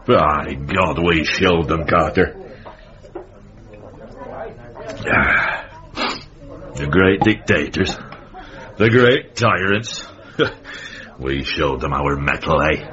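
An actor playing a grumpy, beer-loving old uncle with a Northern English accent in a radio comedy drama, wry and mock-pompous. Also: male voice, a bass voice, slow pace, pauses often, pushed and bright, exaggerated voice. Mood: gloating. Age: older. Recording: muffled old radio broadcast.

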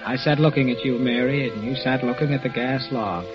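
Earnest man narrating an old radio drama. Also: brisk. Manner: earnest, low-key first-person narration. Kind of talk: 1940s radio drama acting. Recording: dull lo-fi old radio recording with music.

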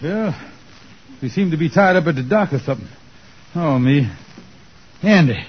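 An actor playing a scheming, blustery grown man in a 1940s radio comedy, bossy and quick to plan, with a husky voice. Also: fairly high pitch, expressive, a little hiss or hum, close to an everyday voice. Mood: worried. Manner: bossy, fast-planning, chuckling. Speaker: comic lead in a radio sitcom. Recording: muffled old radio broadcast.

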